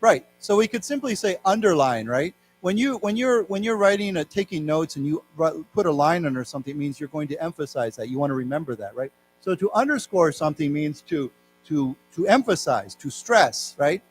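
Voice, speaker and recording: A man with an American accent giving a live English lesson, reading news aloud slowly and explaining words to his class. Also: fairly high pitch, animated. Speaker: English teacher. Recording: faint mains hum.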